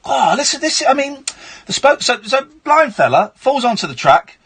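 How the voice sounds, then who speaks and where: A man's voice: very high voice, sing-song, normal speed, fairly bright tone, husky. A man hosting late-night radio, chatty and wry, reading a news story with asides. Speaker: radio host. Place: radio studio.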